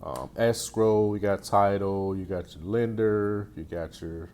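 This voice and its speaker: Low-voiced man giving casual sales advice. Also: measured pace, a little mellow. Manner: conversational, repeats phrases and restarts often. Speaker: real estate coach. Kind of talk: casual teaching talk.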